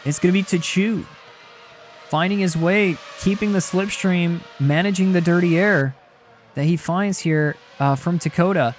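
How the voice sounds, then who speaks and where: Excitable high-voiced young male race caster. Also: unhurried, a little hiss or hum. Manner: excitable, rising to shouts at battles. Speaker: sim racing commentator. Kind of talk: live race commentary.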